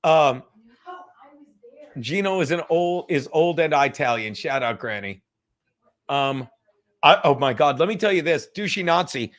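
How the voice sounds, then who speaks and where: This fifties-aged livestream host rambles and curses from home, sipping a drink and laughing a lot, occasionally sinking to a whisper. His slightly high, expressive voice has a fairly bright tone, moving at a measured pace with long pauses.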